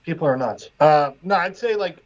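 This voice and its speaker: A man's voice: on the high side, lively intonation, normal speed. Swearing man on dull lo-fi audio. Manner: casual, swearing, chatty. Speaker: podcast guest. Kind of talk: casual podcast chat.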